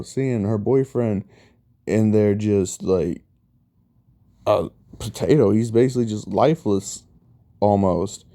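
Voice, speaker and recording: A man with a very dark, mellow voice and a low pitch tells a fan story. He drawls slowly and rambles, padding his telling with fillers. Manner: rambling, filler-heavy retelling. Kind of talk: casual fan-story narration.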